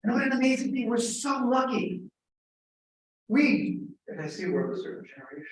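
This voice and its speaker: A middle-aged man, a professor giving a humorous storytelling talk, animated and joking with bursts of emphatic shouting. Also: very high-pitched, brisk, slight background noise. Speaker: guest lecturer, professor. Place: large echoing temple hall. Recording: echoey hall from far off.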